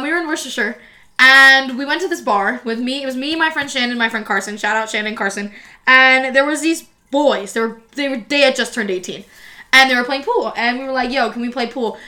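A young woman from New Jersey with an American accent, talking through her stories in a loose, chatty way. Her voice sits high and sounds bright and forward. She leans on fillers and gets animated as she goes. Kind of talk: casual chat, storytelling.

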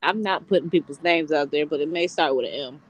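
A woman's voice: deep voice, brisk, rough recording. A woman co-hosting a podcast, talking in a blunt, profane, emphatic way during a casual chat. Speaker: podcast co-host.

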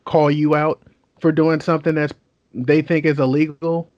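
A man with a fairly high voice chats casually as a podcast host, rambling and swearing. The recording is dry and a little dull. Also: little pitch movement, moderate pace, no room sound. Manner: rambling, filler-heavy, profane. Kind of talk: casual chat.

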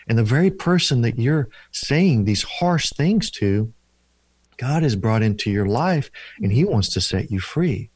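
A man telling a personal ministry story in an interview, earnest and slowing down for emphasis as he acts out the dialogue. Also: fairly low pitch, a little mellow, no echo. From former Protestant, now Catholic. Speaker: deliverance minister, guest.

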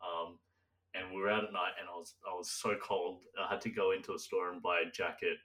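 A young man, chatting casually as a podcast co-host. His voice sits low and sounds a little distant from the microphone. He rambles loosely, laughs often and slips into playful voices. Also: level tone, brisk, sharp tone. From Australia. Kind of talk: casual chat.

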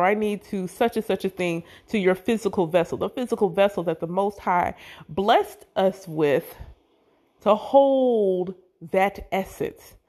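A woman with a slightly low voice talks casually about spirituality and self-love. Her delivery is earnest and emotional, and her voice swoops up high when she leans into a point. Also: darkish tone. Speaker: spiritual talk host.

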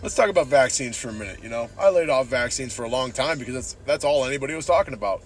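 A man's voice: medium pitch, animated, fast talker. Man from san diego, podcast host, swearing rant, rambling, mid-range voice, faint music behind. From San Diego, Southern California. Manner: profane, rambling, says "dude" constantly. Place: in a car while driving.

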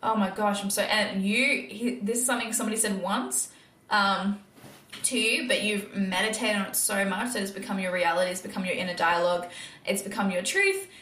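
Young woman, faith podcast host, candid and earnest, medium pitch, echoey room. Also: steady tone, brisk, fairly bright tone. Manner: earnest, candid, laughs often; acts out her own past thoughts in quoted asides. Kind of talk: faith-based podcast monologue.

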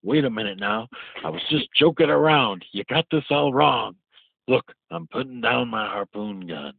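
A man's voice: mid-range voice, animated, normal speed, vocal fry, slightly rough, no room sound. A man playing a crude, boastful male movie star who taunts and swaggers, heard over a tinny phone-like line. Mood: pleading.

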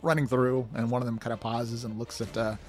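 A man's voice: mid-range voice, little pitch movement, fairly quick, noisy background. A man narrating a tabletop game as game master, in a loose, rambling way with fillers.

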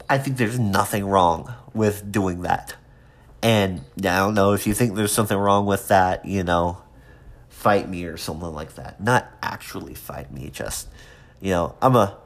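A young man hosting his own podcast, talking alone in a rambling, halting way with many restarts and fillers. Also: deep voice, gravelly. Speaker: podcast host. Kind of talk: casual solo podcast monologue.

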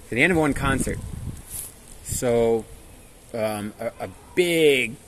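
A man's voice: mid-range voice, slow. A man teaching a Torah class through stories, in a casual manner that checks in with listeners and drops Hebrew and Yiddish words.

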